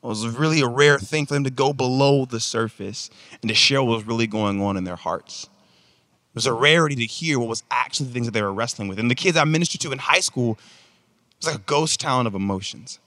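A man preaching a sermon, telling a comic story in an animated, conversational way. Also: medium pitch, fairly quick, dry recording, studio quality. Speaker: pastor.

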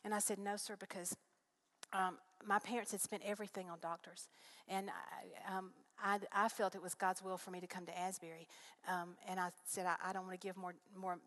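A woman's voice: medium pitch, level tone, a little fast, a bit bright. A middle-aged woman giving a heartfelt personal faith testimony to a live audience, telling her story in an earnest, storytelling way.

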